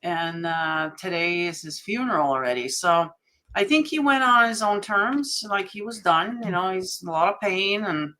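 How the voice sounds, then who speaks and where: A woman guest on a video-call panel talks in a loose, chatty way, full of fillers. Her voice is bright and sharp. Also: medium pitch, normal speed. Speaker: podcast host guest. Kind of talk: casual panel chat.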